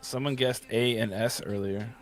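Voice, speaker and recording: A man's voice: medium pitch, steady tone, moderate pace, faint music behind. A man co-hosting a gaming morning show, trading easygoing jokes in casual banter. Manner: joking, easygoing. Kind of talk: casual live-stream banter.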